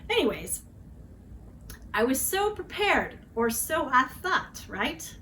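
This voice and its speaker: A woman's voice: high voice, sing-song, slow, fairly bright tone, slight background noise, rough recording. A woman in her forties telling a personal story in a dramatic, chatty way, often adding tag questions. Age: 40s. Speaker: vlogger.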